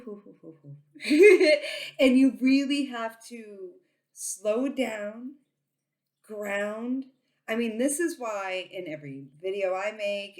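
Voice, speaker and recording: A woman who reads tarot, talking casually to her viewers and saying she talks very loudly, with lots of ums and restarts. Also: medium pitch. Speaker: tarot reader and psychic. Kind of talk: casual informational talk to camera.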